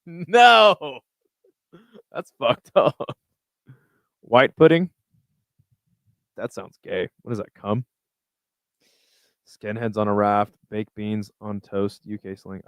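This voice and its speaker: A man's voice: medium pitch, dry recording, clean studio sound. A man hosting a casual live chat, reading and reacting to viewer messages in a loose, laid-back way with plenty of swearing. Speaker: livestream host reading chat.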